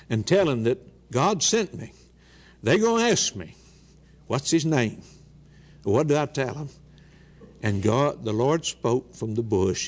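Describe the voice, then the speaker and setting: A male preacher delivering a sermon at a slow, deliberate pace. His voice sits in an ordinary middle register. He presses his points through repetition and sinks low and quiet on the words he stresses most. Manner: emphatic, repeats phrases, drops low on key words.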